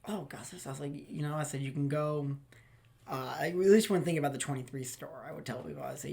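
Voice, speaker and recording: A young man with a slightly high voice spins loose, rambling anecdotes, laughing and cursing as he goes. He slips into the voices of the people in his stories. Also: fairly even intonation, fast, gravelly, a little mellow, slight background noise. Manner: rambling, laughing, swears, acts out quoted people. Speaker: podcast host. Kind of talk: casual storytelling chat.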